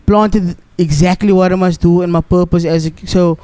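A man's voice: sits high, steady tone, normal speed, warm tone, smooth, no room sound. A man with a South African accent, a podcast guest earnestly sharing a faith testimony and often saying "bro". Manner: earnest, preachy, calls listener "bro". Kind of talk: casual testimony. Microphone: studio mic.

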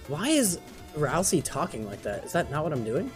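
Excitable man playing a game. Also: fairly high pitch, moderate pace, soft background music. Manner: excitable, shouts reactions. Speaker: gamer. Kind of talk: let's play commentary.

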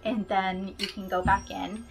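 A woman's voice: medium pitch, level tone, a little slow, gravelly, faint music behind. A woman hosting a casual craft tutorial, chatting to the viewer and poking fun at herself as she works. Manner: chatty and self-deprecating, talking to the viewer while working.

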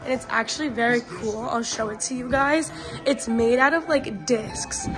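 High-pitched young woman vlogging at home on her phone, giggly, music playing. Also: fairly even intonation, normal speed. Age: young adult. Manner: bubbly, gushing, giggly. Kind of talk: casual home vlog narration. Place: busy family home indoors. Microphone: handheld phone camera.

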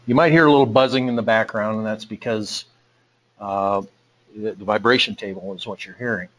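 A man's voice: on the low side, steady tone, fairly quick, fairly bright tone, poor audio. A man presenting a technical webinar, walking through a live demo in a casual way with lots of fillers and restarts. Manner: casual, thinks aloud with many fillers. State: out of breath.

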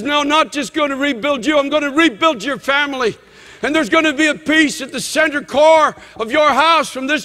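A male pastor preaches with fervent, shouted conviction. His voice sits very high and bright, and it rings out with long reverb through a large church. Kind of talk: sermon.

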